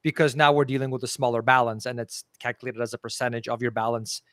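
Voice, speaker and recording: Podcast host asking long questions, dry sound. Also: male voice, medium pitch, fairly even intonation, fast talker, fairly bright tone, no echo. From Canada. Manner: thoughtful, long carefully worded questions. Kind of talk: interview questions.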